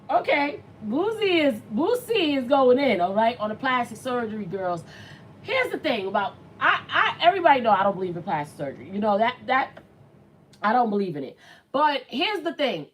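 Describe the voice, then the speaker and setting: A woman's voice: a little high, a little hiss or hum, low-quality recording. A woman in her late thirties hosting a casual livestream, chatting bluntly and reading out viewer comments. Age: late 30s. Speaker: show host.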